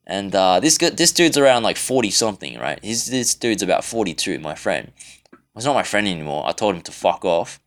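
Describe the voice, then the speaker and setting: A man with a somewhat low voice delivers a self-recorded monologue. He rambles and swears freely, often stopping and restarting his sentences. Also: sing-song, brisk, a bit bright. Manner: rambling, profane, with frequent restarts. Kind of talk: casual monologue rant. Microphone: self-recorded device.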